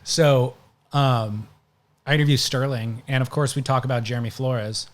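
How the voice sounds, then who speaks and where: A man's voice: mid-range voice, fairly even intonation, moderate pace. A man hosting a podcast, casually recounting stories at length in conversation. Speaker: podcast host.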